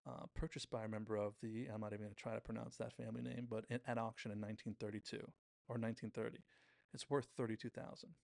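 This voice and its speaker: A man hosting a show, casually recapping a TV episode scene by scene and quoting the characters in quick impressions. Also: fairly low pitch, flat delivery, creaky, darkish tone, no room sound. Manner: retells scenes with quick quoted impressions, self-correcting. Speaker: podcast host reviewing a TV episode.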